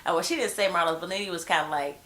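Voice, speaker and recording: Brief: woman with a head cold, lowish voice, blunt gossipy reality-TV recap, slangy and casual. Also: very fast, fairly bright tone. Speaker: TV show reviewer.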